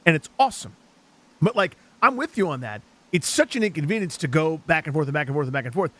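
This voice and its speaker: A man co-hosts a sports radio show, riffing and teasing his partner in casual banter. His slightly high voice rises and falls in an animated, chatty way. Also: fast.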